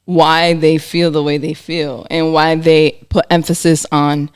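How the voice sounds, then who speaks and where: A woman's voice: low voice, unhurried, clear, resonant tone. Candid laughing woman podcast co-host. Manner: candid, animated, laughs often. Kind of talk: casual chat.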